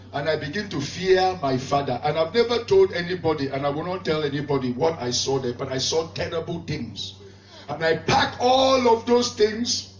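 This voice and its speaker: High-voiced preacher man, 50s, shouting fervent sermon, far off mic. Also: a little hiss or hum. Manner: fervent, shouting bursts, call-and-response. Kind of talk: impassioned sermon. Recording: echoey hall, distant dull mic.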